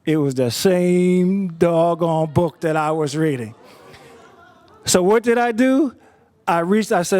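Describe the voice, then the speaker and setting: High-voiced man telling a personal story. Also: normal speed. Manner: conversational, repeats words while thinking.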